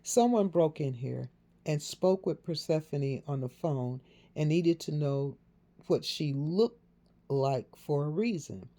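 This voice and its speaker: A woman's voice: low voice, slow pace, warm tone. A woman voicing an anxious young adult daughter who speaks in an earnest, pleading way. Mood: worried.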